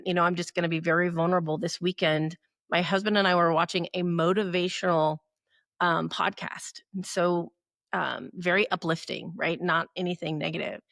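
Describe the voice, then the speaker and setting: A middle-aged woman co-hosting a podcast gives earnest motivational advice, frequently checking in with the tag question "right?" Her voice is on the low side, gravelly yet fairly bright, recorded in clean studio sound with no room echo.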